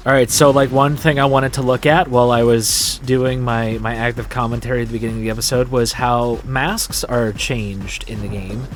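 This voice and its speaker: A man's voice: mid-range voice, fairly even intonation, normal speed, hardly any pauses, slight background noise. A man hosting his gaming channel, chatting through game commentary in a rambling, jokey way that keeps interrupting itself.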